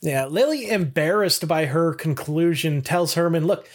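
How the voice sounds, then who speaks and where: A man's voice: a little high, unhurried. A man co-hosting a podcast, casually recapping a TV episode and acting out the characters' lines as he goes. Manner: animated plot retelling, acts out character lines. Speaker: podcast co-host.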